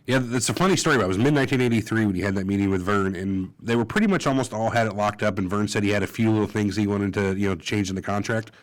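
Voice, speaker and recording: A man co-hosting a wrestling podcast, telling stories briskly with blunt, crude jokes. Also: fairly low pitch. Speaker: podcast co-host. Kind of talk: casual wrestling podcast chat.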